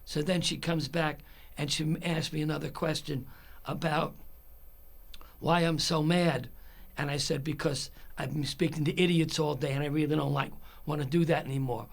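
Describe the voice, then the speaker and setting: A man's voice: on the high side, fairly even intonation, normal speed, gravelly. A man telling an angry story about a customer service call, acting out both sides and getting more aggravated. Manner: building irritation, acts out both sides of a phone call.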